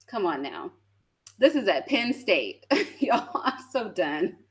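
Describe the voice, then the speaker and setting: A woman's voice: mid-range voice, very animated, slow pace. A woman giving casual reaction commentary on a video, blunt and sassy, swearing and laughing as she talks.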